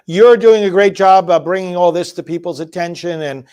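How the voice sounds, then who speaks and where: Affirming priest hosting an interview. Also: male voice, sits high, moderate pace, darkish tone, clear, resonant tone. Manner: affirming, brief agreeing interjections.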